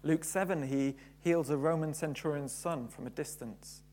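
A man's voice: a little high, normal speed, a little mellow, slight background noise. A man preaching a sermon, building to fervent emphasis and repeating key phrases.

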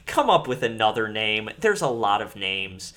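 A man's voice: on the low side, big pitch swings, normal speed, sharp tone. A man co-hosting a podcast, reviewing a movie in casual chat, blunt and profane and laughing often. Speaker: podcast co-host.

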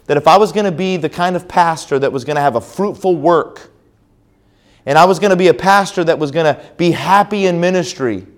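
A middle-aged man preaching a conference sermon, telling a story with repeated restarts and reading scripture slowly. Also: on the high side. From American South. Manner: slow, solemn scripture reading. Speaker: pastor.

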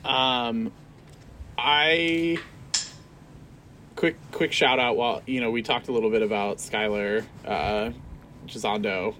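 A podcast co-host in a casual talk about a film, relaxed and soft-spoken with giggly asides. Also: mid-range voice, slow, pauses often, a little hiss or hum. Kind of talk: casual movie discussion.

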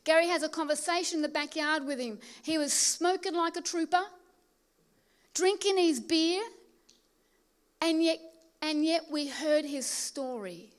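A woman preaching a sermon, telling stories and slowing down to stress key phrases. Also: sits high. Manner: storytelling, emphatic preaching with slow stressed phrases. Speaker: pastor.

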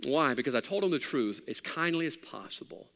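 Male pastor, emphatic preaching, fairly high voice, reverberant hall. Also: expressive, brisk, gravelly. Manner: emphatic preaching, rising loud then dropping low. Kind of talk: sermon.

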